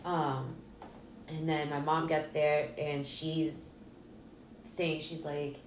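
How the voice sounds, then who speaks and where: A woman's voice: deep voice, little pitch movement, drawn-out words, slight background noise. A woman, an interview guest, telling an emotional personal story bluntly, swearing and acting out what people said. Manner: raw, blunt, swears, acts out dialogue. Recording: roomy echo, distant mic, faint ambience.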